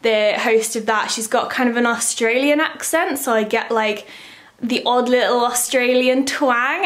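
A woman's voice: a little high, normal speed. A young woman, chatting casually to camera as a vlogger, rambling and full of filler words.

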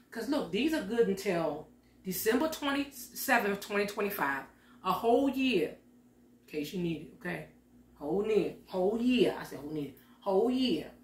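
A woman's voice: medium pitch, slight background noise. Woman, middle-aged, folksy casual chat, echoey room, distant mic. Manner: chatty, folksy, talks straight to the viewers. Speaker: lifestyle vlogger. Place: home kitchen.

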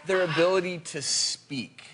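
An upbeat male talk-show host with a somewhat high voice introduces his guest and asks him questions. A loud studio audience and heavy noise sit behind him. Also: unhurried, a loud crowd.

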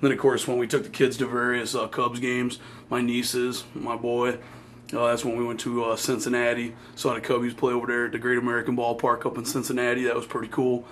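A man's voice: medium pitch, completely flat delivery, brisk, fairly bright tone, a little hiss or hum. Goofy middle-aged man vlogging at home. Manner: goofy, playful, talks with his mouth full. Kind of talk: casual home vlog. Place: home computer room.

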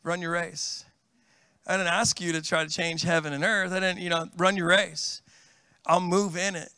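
A pastor voicing God, calm and patient. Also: male voice, sits high, moderate pace, clean tone, no echo, clean studio sound, pitched below the performer's own voice. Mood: reassuring.

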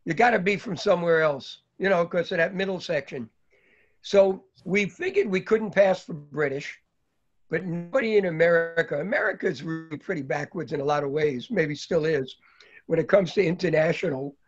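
An older New Yorker, appearing as a guest speaker, tells a long, rambling anecdote about his early days, using many fillers along the way. His voice is on the high side with a moderate pace, and the lo-fi recording sounds dull.

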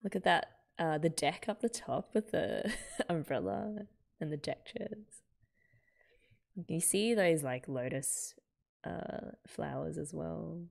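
An Australian woman gives casual reaction commentary on a manga, working her thoughts out aloud and stopping to correct herself. Her voice sits on the low side and carries a gravelly fry. She talks at an unhurried, slow pace. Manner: thinks aloud, corrects herself mid-sentence.

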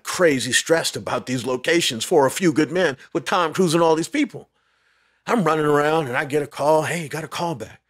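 A man telling a lively story as a podcast guest, laughing often and acting out what others said. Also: medium pitch. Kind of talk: storytelling interview.

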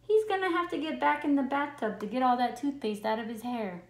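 A woman teacher reading a picture book aloud to children in a classroom, talking slowly and expressively and stopping to ask the kids questions. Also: sits high. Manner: slow, expressive, chats with the listening kids. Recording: roomy echo.

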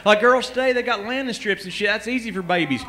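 A man's voice: high-pitched, fast, pushed and bright. Rowdy, swearing man on a roast stage. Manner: rowdy, crude and boastful, swears constantly. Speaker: guest fighter at a comedy roast. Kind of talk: profane improvised stage banter. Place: comedy club stage with live audience.

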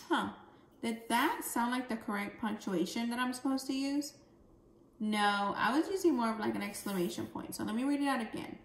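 A woman teaching a second grade phonics lesson, speaking slowly and clearly as she models reading aloud. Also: on the high side, reverberant. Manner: slow, clear, deliberate reading with expressive dialogue voices.

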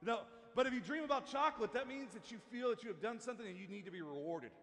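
A man preaching a sermon as pastor in a church, talking casually and haltingly with many restarts and asides. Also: extremely high pitch, expressive, vocal fry, fairly bright tone, long reverb tail. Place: church sanctuary.

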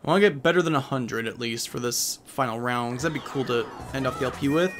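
A man's voice: mid-range voice, fast talker, over music. A man casually commenting on a party video game, rambling and joking, often breaking into silly voices. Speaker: let's play gamer.

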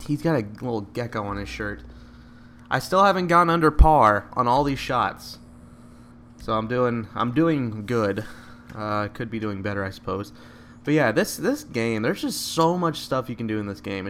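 A man giving live, joking commentary over a video game, with excited outbursts at each shot. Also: mid-range voice, a little hiss or hum. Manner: excitable, joking, bursts out at shots. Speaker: gameplay commentator.

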